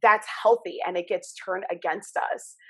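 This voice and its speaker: A woman hosting a podcast, chatting casually and acting out stories with lively, expressive delivery. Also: on the low side, moderate pace, slightly rough. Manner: animated storyteller, acts out childhood voices. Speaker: podcast host. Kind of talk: casual conversation.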